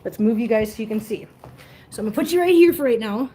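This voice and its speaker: On a casual livestream, a woman with a fairly high, warm voice chats with viewers and coos at her cats, animated and fast. She's in a home room with litter boxes, recording on her phone in an echoey space with a little noise.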